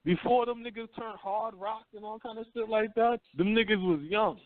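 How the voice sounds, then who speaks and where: A man hosting a talk radio show, telling stories in rough, profane street slang. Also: sits high, moderate pace, dry recording. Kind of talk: casual talk radio chat. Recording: dry phone-line call-in audio.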